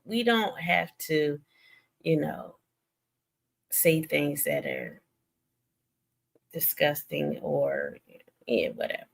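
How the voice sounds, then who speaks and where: A young woman with a Southern American accent hosting a casual gossip stream, animated and laughing often, swinging between loud and soft. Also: deep voice, slow, vocal fry, pauses often. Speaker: stream host.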